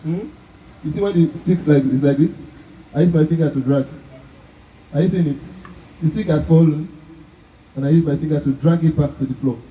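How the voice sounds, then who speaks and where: Nigerian drum teacher, echoey and distant. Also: male voice, fairly high pitch, fairly quick, long pauses, highs cut off. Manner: asks the class constant check questions. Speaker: drum instructor. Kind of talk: live drum workshop teaching. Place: large echoey room at a festival workshop. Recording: echoey room, from far off.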